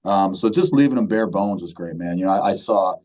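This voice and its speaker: A man's voice: sits low, brisk, darkish tone, rough recording. A man in his thirties from Michigan, a band vocalist chatting casually in an interview, laid-back, with lots of fillers and repeated words, often calling the host "man". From Michigan, USA.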